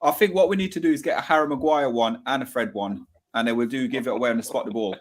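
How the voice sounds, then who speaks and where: Man, live-stream host, effusive, mid-pitched, casual football chat. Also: quick pace. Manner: effusive, repeats thanks and praise.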